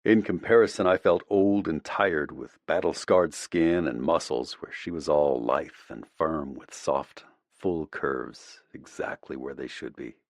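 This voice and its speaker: A man narrating a first-person audiobook in a measured, reflective way, close to the mic. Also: extremely low pitch, no room sound.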